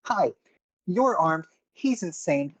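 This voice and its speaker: A man's voice: on the high side, expressive, takes it slowly, voice pushed up. A man doing a flustered, sarcastic accountant woman. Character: nervous woman accountant, wry and cowardly.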